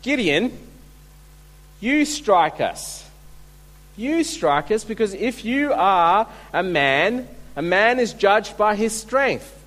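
A man's voice: sits high, big pitch swings, slow, fairly bright tone, in a large hall, pitched above the performer's own voice, heavily acted. A man voicing a proud ancient king who taunts and challenges in a raised voice. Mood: scornful.

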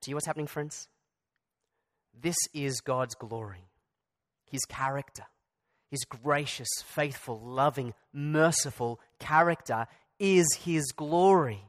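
A man's voice: medium pitch, unhurried. A man preaching a sermon in a conversational way, with asides and restarts. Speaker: pastor.

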